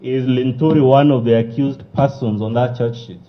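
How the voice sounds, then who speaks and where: Firm lawyer cross-examining. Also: male voice, medium pitch, steady tone, moderate pace, highs cut off. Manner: firm, controlling, clipped questions.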